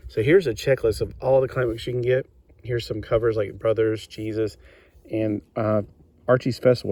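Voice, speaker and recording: A man's voice: lowish voice, darkish tone. A man reviewing an old comic book in a casual, chatty way, enthusiastic and full of fillers.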